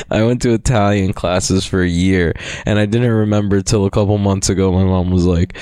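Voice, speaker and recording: Gravelly low-voiced man rambling. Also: normal speed, darkish tone, no echo, studio quality. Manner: loose and profane, laughs often. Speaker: podcast host. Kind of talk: casual rambling monologue.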